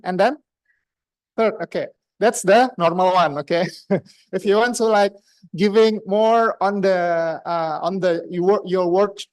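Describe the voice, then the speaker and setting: A woman's voice: medium pitch, a little mellow, no room sound. Indonesian lady doing the grammar report at a speaking club, lots of "right?" and "okay", dry sound. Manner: chatty, asks the room questions, many fillers. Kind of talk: interactive club speech. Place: club meeting room.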